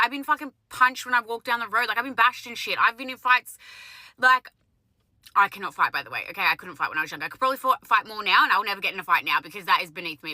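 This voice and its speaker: A woman's voice: a little high, pushed and bright, no echo, low-quality recording. A young woman, a lash technician telling a blunt, sweary storytime rant.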